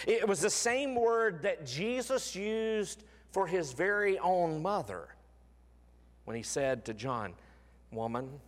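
Preacher in a reverberant church. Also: male voice, sits high. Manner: dramatic preaching, drops to hushed tones. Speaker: pastor. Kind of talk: sermon. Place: church sanctuary. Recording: long reverb in a large church.

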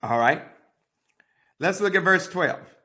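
Man leading a slow Bible study. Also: high-pitched, expressive, bright, forceful tone. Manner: slow, deliberate, repeating instructions. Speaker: pastor.

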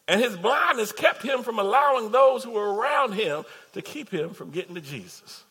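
A man's voice: high-pitched, animated, normal speed, hardly any pauses, pushed and bright, husky. A man preaching a sermon, building his points through repeated phrases and calling out to the congregation.

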